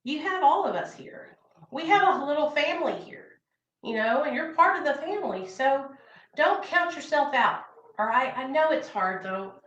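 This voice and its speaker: High-voiced woman giving an earnest pep talk. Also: animated, normal speed, a bit bright. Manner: earnest, encouraging, repeats herself. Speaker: recovery livestream host. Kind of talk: casual livestream pep talk. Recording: echoey room, dull lo-fi sound.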